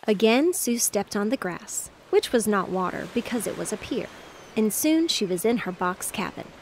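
Woman, soft bedtime story narration, soothing and even, middle pitch, faint noise in the background. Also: normal speed.

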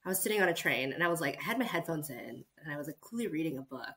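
A woman hosting a podcast, talking in an animated, emphatic way. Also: sits low, racing. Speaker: podcast host. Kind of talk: casual conversation.

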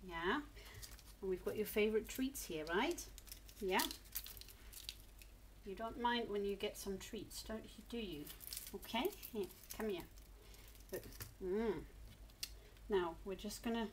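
Slow-talking woman cooing at her cat. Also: medium pitch, a little hiss or hum. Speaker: pet owner filming her cat. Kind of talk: coaxing talk to a pet.

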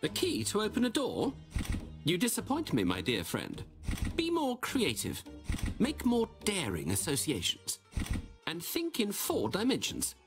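Sherlock Holmes, grandly pompous. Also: male voice, high-pitched, wildly swooping pitch, unhurried, gravelly, heavily acted. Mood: lecturing. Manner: grandiloquent, lecturing, sweeping delivery. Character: pompous, theatrical male detective, grandly confident. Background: music.

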